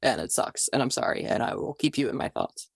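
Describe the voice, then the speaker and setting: Gentle woman comforting a group member. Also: a bass voice, very animated, a little fast, creaky, slightly rough, no room sound, clean studio sound. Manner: gentle and comforting, self-deprecating.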